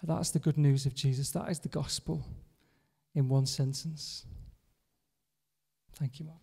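A man preaching a sermon in church, earnest, repeating a solemn refrain and often dropping to a softer voice. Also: on the high side, steady tone, unhurried, vocal fry, breathy edge. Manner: earnest, repeating a refrain with drops to a soft hush. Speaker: pastor. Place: church hall. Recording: long reverb of a church hall.

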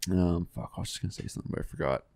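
A man's voice: deep voice, rapid-fire, vocal fry, darkish tone, dry recording, studio quality. A young man co-hosting a podcast, laid-back and swearing freely in casual chat. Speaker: podcast co-host.

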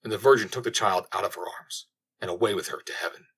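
A man narrates an old fairy tale in a steady, measured way. His voice sits fairly low and has a husky edge. It sounds like a home audiobook recording. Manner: measured storytelling reading.

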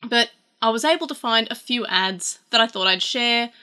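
Bright-voiced chatty Australian woman. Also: a little high, expressive, moderate pace. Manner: rambling, chatty, lots of "like" fillers. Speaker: channel host. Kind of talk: casual vlog talk to camera.

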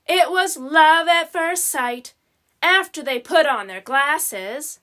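Slow, bright-voiced woman reading a storybook. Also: high-pitched, lively intonation. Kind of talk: children's picture book read-aloud.

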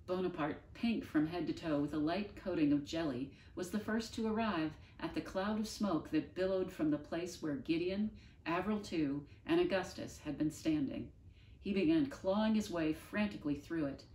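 A woman reading a children's book aloud in an expressive, unhurried way. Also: lowish voice. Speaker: storyteller. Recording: roomy, distant mic.

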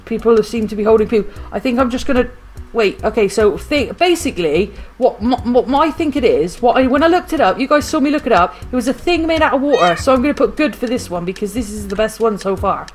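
A woman's voice: a little high, lively intonation, a little fast, few pauses, faint music behind. A woman commentating on her own video game play, rambling to herself and often getting flustered and panicky. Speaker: gaming video host. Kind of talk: live gameplay commentary.

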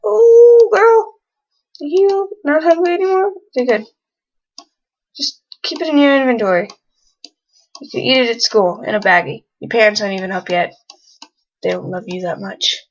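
This young let's play gamer gives casual commentary on her life-sim game, pausing often as she playfully teases its characters. She speaks at a normal pace in a mid-range voice. The recording loses its high frequencies.

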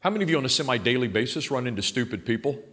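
Older male pastor, emphatic folksy sermon, mid-pitched voice, reverberant sanctuary. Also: expressive, racing. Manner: emphatic, swinging from quiet asides to loud passionate outbursts; blunt and folksy. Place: large church sanctuary. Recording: long hall reverb in a church.

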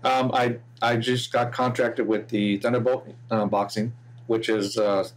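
A man's voice: medium pitch, level tone, unhurried. Easygoing male DJ, chatty. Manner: easygoing, many "you know" fillers. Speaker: DJ guest. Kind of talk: casual interview chat.

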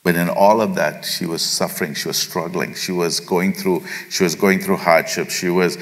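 A man preaching a sermon as pastor, retelling a scripture story with acted quotes and frequent halting restarts. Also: low-pitched, steady tone, big-room sound. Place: church sanctuary.

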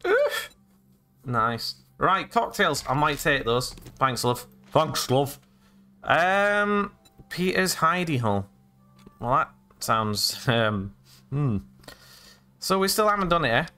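Male let's-player; joking, exclamatory, lively pitch swings, bright tone. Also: slow, pauses often, faint music behind. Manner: jokey, rambling, exclamatory asides. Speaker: gaming let's-play host. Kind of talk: casual gameplay commentary.

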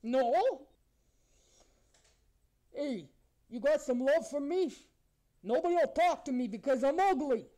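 A brash, ugly male monster with razor teeth, voiced by a performer heckles strangers in a comedy video-chat skit. His voice sits high and mellow. He talks in crude, mock-flirty taunts. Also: lively intonation, measured pace, pauses often. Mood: brash taunting.

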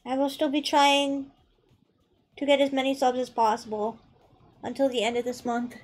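A woman's voice: high-pitched, little pitch movement, moderate pace. A young adult woman chatting casually on a live game stream, playful and chatty, swearing freely and coaxing her pet between rounds. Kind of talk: casual live-stream chat while gaming.

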